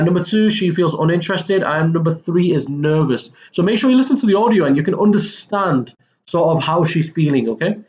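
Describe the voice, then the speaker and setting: A male English teacher with a fairly high but darkish-toned voice guides students casually through a textbook lesson, using lots of fillers and fixing his own wording. The recording is muffled.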